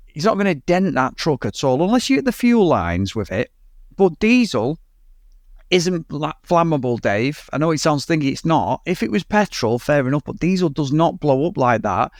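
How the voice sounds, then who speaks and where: A man's voice: on the high side, very animated, moderate pace, dry recording, clean studio sound. A British man co-hosting a podcast, ranting animatedly and swearing about a film in casual chat. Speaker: podcast co-host.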